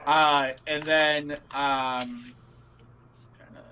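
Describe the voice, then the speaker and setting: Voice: medium pitch, flat delivery, drawn-out words, bright, forceful tone, lo-fi sound, a little hiss or hum. A tabletop game player talking in a rambling way, restarting sentences, swearing and laughing often.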